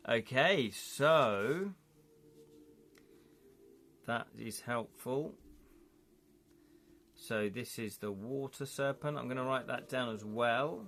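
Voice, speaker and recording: A man's voice: medium pitch, slow, pauses often, a bit bright. A man playing a gamebook live, reading its passages aloud and thinking aloud with his viewers. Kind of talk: live-streamed gamebook play, narration and chat.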